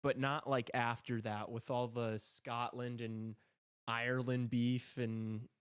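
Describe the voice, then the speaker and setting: A man's voice: mid-range voice, little pitch movement, slow pace, clear, resonant tone, no room sound, studio quality. A man hosting a live hockey stream, chatting in a laid-back, rambling way and swearing casually. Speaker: podcast host.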